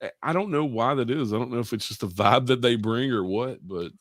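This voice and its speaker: A man's voice: mid-range voice, brisk, a bit bright. A man in casual podcast chat, a paranormal investigator joking in a laid-back, profane way.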